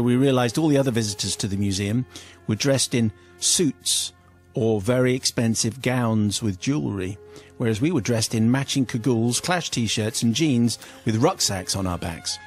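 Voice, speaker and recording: A British man, a radio host, reads a listener's comic story aloud with lively, amused delivery and playful quoted voices. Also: mid-range voice.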